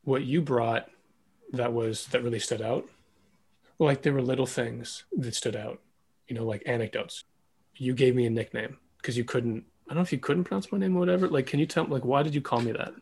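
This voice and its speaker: Man, husky voice, casual interviewer, filler-heavy, self-deprecating. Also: medium pitch, brisk, a little mellow. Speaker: interviewer, former dancer.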